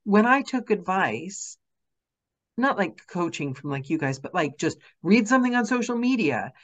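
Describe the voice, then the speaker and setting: A woman's voice: mid-range voice, big pitch swings, normal speed. Chatty woman hosting an interview. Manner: chatty, eager, agreeing. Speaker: podcast host and narrator. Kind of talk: interview conversation.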